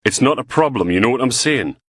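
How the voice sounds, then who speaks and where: A man's voice: medium pitch, expressive, brisk, a bit bright, slightly rough, no echo, clean studio sound, pitched above the performer's own voice. A man voicing a coarse, blunt middle-aged police superintendent in an audiobook.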